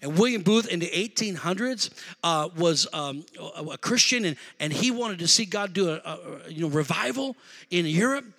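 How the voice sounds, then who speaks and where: A pastor preaching a sermon, swinging from shouted calls to the congregation to quiet conversational storytelling. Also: male voice, sits high, animated, moderate pace. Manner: preacherly call-and-response, shouting and dropping to conversational asides.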